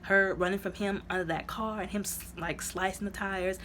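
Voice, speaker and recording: A woman's voice: medium pitch, steady tone, moderate pace, fairly bright tone, a little hiss or hum. A woman reviewing a movie in a casual, chatty retelling, full of fillers, who acts out the characters' lines.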